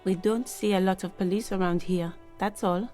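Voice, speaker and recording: A woman's voice: mid-range voice, fairly even intonation, moderate pace, warm tone, faint music behind, natural voice. An actress playing a polite but wary woman questioned by a detective in a game. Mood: guarded.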